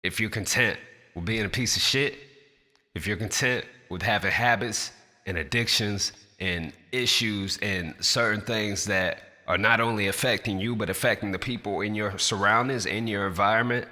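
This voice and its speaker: A man's voice: on the low side, moderate pace, bright, forceful tone, big-room sound. A man who raps, speaking straight to camera in a passionate, blunt and profane rant in his natural everyday voice. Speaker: rapper.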